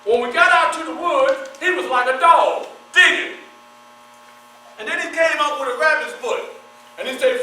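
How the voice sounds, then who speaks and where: Man, in-character storyteller, very high bright voice, asks the audience questions, echoey hall from far off, faint mains hum. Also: normal speed. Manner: animated, asks the audience questions and answers them. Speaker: historical reenactor performing in character. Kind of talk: first-person dramatic storytelling to a live audience.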